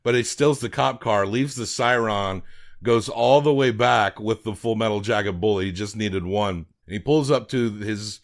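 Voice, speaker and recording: A man's voice: on the low side, moderate pace. A man co-hosting a film podcast, recapping a movie in casual chat, rambling with frequent restarts and casual swearing.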